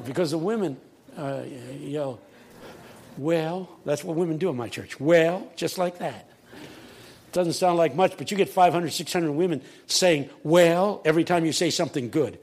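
An eighty-year-old man preaching a sermon in a large church, telling stories with humor and building to shouted peaks. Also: on the high side, a little fast, slightly rough. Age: 80s. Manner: rising to shouted call-and-response peaks.

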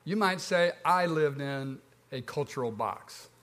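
Storytelling Southern pastor. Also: male voice, measured pace. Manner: storytelling, lively pitch swings, conversational. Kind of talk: sermon.

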